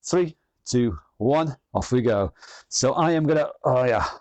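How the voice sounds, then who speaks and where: A man's voice: mid-range voice, animated, measured pace, a little mellow, dry recording. Chatty self-mocking fitness man. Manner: chatty and self-mocking, joking while exercising. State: exercising as he talks. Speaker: fitness instructor. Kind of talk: live online exercise class.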